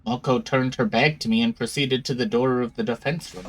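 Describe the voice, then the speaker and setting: A man's voice: medium pitch, a little fast, few pauses, soft background music, rough recording. Man reading a visual novel aloud. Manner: startled, reacting as he reads. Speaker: streamer.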